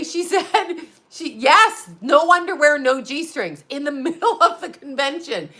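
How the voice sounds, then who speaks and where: Bright, forceful woman telling stories. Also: sits high, measured pace. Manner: animated, profane, laughs often. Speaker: vlogger. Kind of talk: casual storytelling to viewers.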